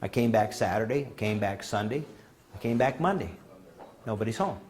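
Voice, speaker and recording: A man's voice: lowish voice, fairly quick. Folksy man telling stories at a conference. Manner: folksy, animated anecdotes with acted-out quotes. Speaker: conference speaker. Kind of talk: storytelling talk. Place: conference room.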